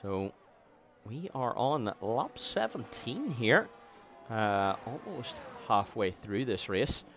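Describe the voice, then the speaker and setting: A man's voice: medium pitch, sing-song, fairly bright tone, lo-fi sound, slight background noise. A man commentating an online sim race on a stream, with lots of fillers and false starts. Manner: halting, full of fillers. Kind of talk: casual sim racing commentary.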